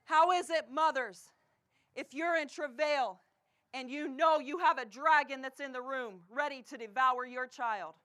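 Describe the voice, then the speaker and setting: A woman with a Canadian accent preaching a sermon in a church, swinging between impassioned shouting and a hushed, low delivery. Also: measured pace. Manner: impassioned preaching, often shouting, then dropping to a hush. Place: church sanctuary.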